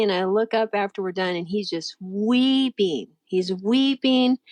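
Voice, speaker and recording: A middle-aged woman tells a personal story in an easy, conversational way. Her voice leaps up sharply whenever she acts out what someone said. The sound is close and dry, with no room echo. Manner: animated, acts out quoted voices with big pitch jumps. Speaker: guest telling a faith story. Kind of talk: casual storytelling.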